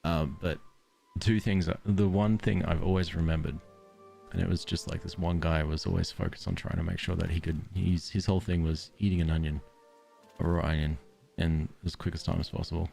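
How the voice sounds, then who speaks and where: Brief: low, gravelly Aussie bloke, relaxed let's-play chatter that wanders into tangents, soft music behind. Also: male voice, a little fast. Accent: Australian. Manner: rambling, tangent-prone storytelling. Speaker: streamer. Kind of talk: casual gameplay commentary.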